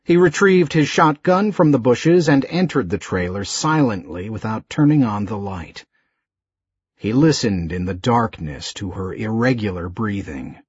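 A man narrating an audiobook in a slow, measured, expressive reading. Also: on the low side, husky, no room sound, muffled recording.

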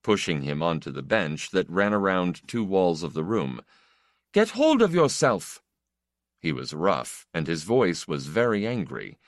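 A male narrator reads an audiobook in a measured, steady way. His voice is very deep and moves widely in pitch. The recording is dry and close. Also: no room sound. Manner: measured, even storytelling.

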